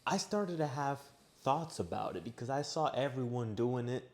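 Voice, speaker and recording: Young male vlogger, casual storytelling, animated delivery. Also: medium pitch, moderate pace. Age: young adult. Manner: animated, acts out his own shouting in quoted lines. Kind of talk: personal storytelling. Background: washing machine running.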